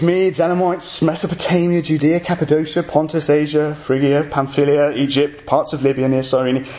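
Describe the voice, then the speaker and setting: A man's voice: a little high, darkish tone, a little hiss or hum. A man preaching an evening sermon, explaining scripture with jokey asides to his congregation.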